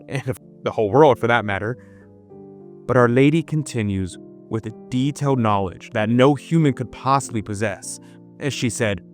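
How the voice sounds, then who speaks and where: An earnest male host reads a dramatic script at a middling pitch. Soft background music runs faintly beneath his voice. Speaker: video host. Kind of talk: scripted narration.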